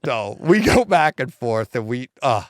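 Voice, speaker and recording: A man's voice: mid-range voice, very animated, unhurried, no echo, clean studio sound. A man co-hosting a podcast, telling stories animatedly, mimicking people and laughing often. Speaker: podcast co-host. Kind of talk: casual chat.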